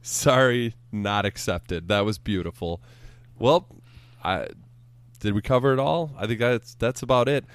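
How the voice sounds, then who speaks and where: A man's voice: mid-range voice, a little slow, smooth, dry recording. A man hosting a sports podcast, chatting casually with a dry, teasing humor.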